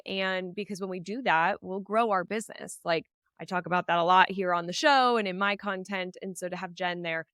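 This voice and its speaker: A woman's voice: medium pitch, a bit bright, clean tone, no room sound. Woman, solo podcast host; heartfelt and upbeat; clean, dry close-mic sound.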